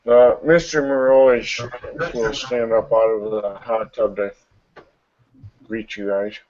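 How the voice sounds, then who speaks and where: A man running a tabletop game as game master, narrating in a hesitant, halting way. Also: on the low side, fairly even intonation, darkish tone. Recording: muffled lo-fi recording with faint noise.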